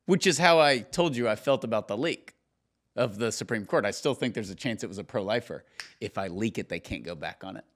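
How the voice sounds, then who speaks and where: Lively low-voiced male podcast host. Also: fairly quick. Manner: animated storyteller, jokey asides. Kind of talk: casual podcast chat.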